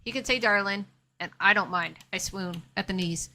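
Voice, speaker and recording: A woman's voice: mid-range voice, normal speed, pushed and bright, slight background noise. A woman streaming a game live, chatting casually with her viewers and talking herself through what she is doing. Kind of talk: casual live-stream chat while playing.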